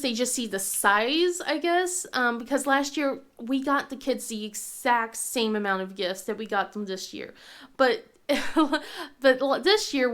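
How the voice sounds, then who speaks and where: A woman in her thirties with a slightly high voice tells casual stories. She is getting over a cold and laughs often. Now and then she puts on her children's voices. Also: a bit bright. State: sick with a cold. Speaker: crafting vlogger. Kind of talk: casual chat.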